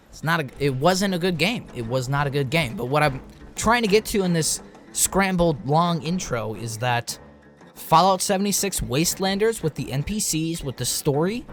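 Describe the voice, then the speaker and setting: Young male reviewer, loose rambling rant delivery, voice a touch high. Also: fairly bright tone, a little hiss or hum. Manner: rambling, filler-heavy, restarts. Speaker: game reviewer. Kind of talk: rambling late-night vlog rant.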